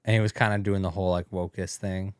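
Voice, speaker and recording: A man co-hosting a casual commentary chat, easygoing and quick to agree. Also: low voice, level tone, clear, resonant tone, no echo, clean studio sound. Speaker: podcast co-host.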